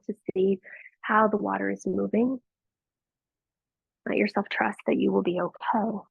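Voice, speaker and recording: A woman teaching a yoga class, giving gentle and encouraging cues with frequent praise, on tinny phone-like audio. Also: mid-range voice, creaky, husky, no echo. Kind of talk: guiding a live yoga class.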